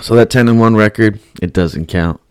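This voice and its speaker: A man's voice: fairly low pitch, normal speed, clear, resonant tone, no echo. A man hosting a podcast, telling a story in profane, rambling casual chat. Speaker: podcast host.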